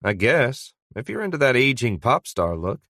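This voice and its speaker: A man's voice: medium pitch, very animated, normal speed, a bit bright, dry recording, studio quality, pitched above the performer's own voice. A man voicing an older retired newspaper veteran who talks in a sardonic, ribbing way, in an audiobook.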